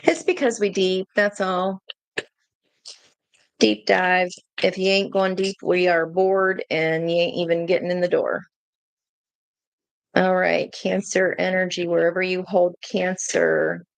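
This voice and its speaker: A woman giving a casual tarot reading to her viewers, chatty and excitable, breaking into gushing exclamations. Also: on the low side, measured pace, gravelly, pauses often, dry recording. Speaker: tarot reader.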